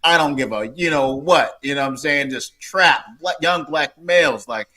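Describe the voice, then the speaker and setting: Guest author, man in his 40s, crisp forceful tone, rambling casual talker. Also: on the high side, normal speed. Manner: rambling, lots of fillers and restarts. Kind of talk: casual interview talk.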